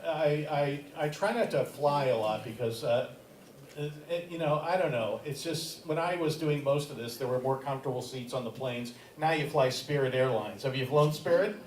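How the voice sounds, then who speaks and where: A man's voice: mid-range voice, normal speed. An older man doing stand-up comedy as the emcee and teacher, with a wry, self-deprecating, crowd-teasing delivery. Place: comedy theater stage with a live audience. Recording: roomy, distant live-stage recording with audience noise.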